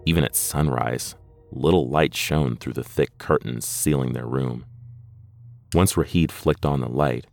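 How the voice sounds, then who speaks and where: A man narrating a horror story in a measured, deliberate scripted reading. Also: rumbling low, vocal fry, no room sound.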